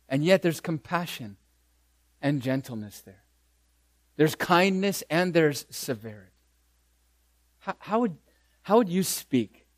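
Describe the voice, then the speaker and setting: A male pastor preaching a sermon, deliberate and emphatic, dropping to soft words and repeating phrases for weight. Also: on the high side, no room sound. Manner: slow, deliberate preaching with dramatic soft drops and emphatic repetition.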